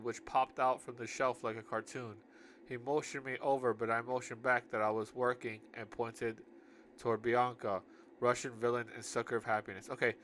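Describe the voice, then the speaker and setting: A man with a medium-pitched, fairly bright voice reads his own novel aloud, loose and joking, constantly pausing to mock and argue with what he wrote. It's a casual reading full of running asides and self-corrections, with a faint hiss or hum in the recording.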